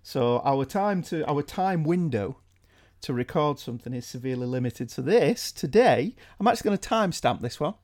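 A man's voice: mid-range voice, expressive, a little fast, a little mellow. A middle-aged man from England hosting a podcast in casual chat, wry and self-mocking. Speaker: podcast host.

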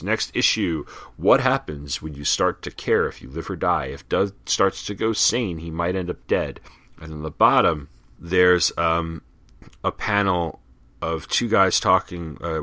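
A man with a low pitch and a bright, forceful edge hosts a casual podcast. He reads terms and ads aloud and drifts into chatty asides. The sound is dry and close. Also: dry recording. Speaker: podcast host. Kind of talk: casual comic book podcast reading.

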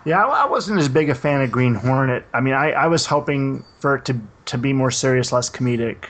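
A man's voice: medium pitch, lively intonation, fairly quick, a bit bright. Hesitant man chatting on a podcast. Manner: hesitant, many restarts and "uh". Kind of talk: casual podcast chat.

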